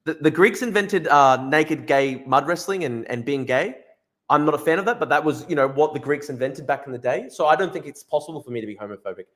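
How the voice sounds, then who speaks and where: A man's voice: fairly high pitch, expressive, a bit bright. A young man hosting a casual livestream, reading chat and article lines, blunt and profane, often repeating himself. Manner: blunt, swearing, quick asides; repeats phrases, restarts. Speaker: livestream host.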